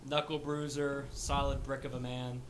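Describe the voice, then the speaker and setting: A man's voice: medium pitch, background noise. A young man rambling in casual chat about a game he plays, laughing often. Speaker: tabletop game player.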